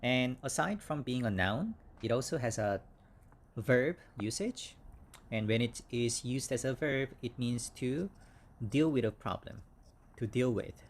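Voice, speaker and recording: A man teaching English vocabulary, speaking slowly and repeating each word several times for learners. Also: mid-range voice, lively intonation. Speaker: English instructor. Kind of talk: slow vocabulary lesson.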